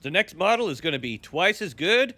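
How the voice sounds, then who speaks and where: A man's voice: high voice, big pitch swings, a little fast, bright, forceful tone, full character voice. A man doing a smug salesman-inventor. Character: smug male inventor pitching his product.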